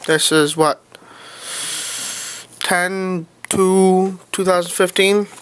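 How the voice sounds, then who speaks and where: A man's voice: high voice, steady tone, drawn-out words, clear, resonant tone. A young man giving a casual, rambling vlog update into a handheld music player, offhand and self-mocking. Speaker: vlogger. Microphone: handheld music player camera.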